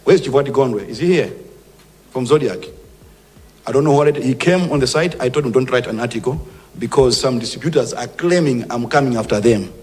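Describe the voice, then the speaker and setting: Here the Malawian-accented minister speaks at a medium pitch and a fairly quick clip, his words ringing through a large room. He issues firm, forceful warnings in an emphatic public address, alternating English with Chichewa.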